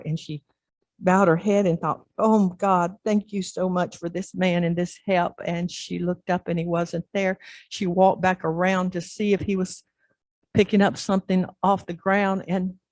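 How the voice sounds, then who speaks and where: A woman pastor delivers a sermon story in a lowish voice. She acts out each scene with lively animation, and the sound is close and dry with no room echo. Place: church.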